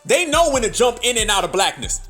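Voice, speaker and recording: Speaking a little fast in a strikingly high, fairly bright voice, a commentary channel host rants heatedly about social topics. He talks emphatically in a sing-song manner, keeps looping back to mocking repeated phrases, and faint music plays beneath him.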